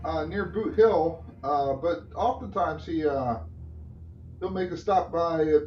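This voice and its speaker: A man's voice: on the high side, a little hiss or hum. A man voicing a laid-back frontier town sheriff who talks easily and halts with fillers. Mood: relaxed. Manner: easygoing, halting, many fillers. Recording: roomy, distant, dull mic with faint music.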